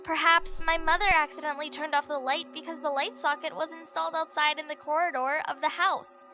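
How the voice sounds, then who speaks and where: A woman narrating a scripted story in an expressive, dramatic way. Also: sits high, fairly quick, soft background music.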